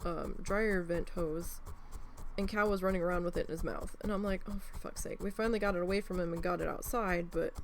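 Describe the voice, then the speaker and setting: A woman's voice: on the low side, steady tone, brisk, a little hiss or hum. A young woman chatting at home while she needle felts, telling rambling stories and swearing freely. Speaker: crafting vlogger. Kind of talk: casual chat while needle felting. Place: home, indoors.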